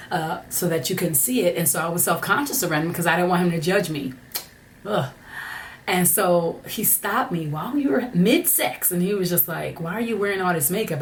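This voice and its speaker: Frank, chatty low-voiced woman. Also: slight background noise. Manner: chatty, frank, many "like" fillers and restarts. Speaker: vlogger. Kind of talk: candid storytelling monologue.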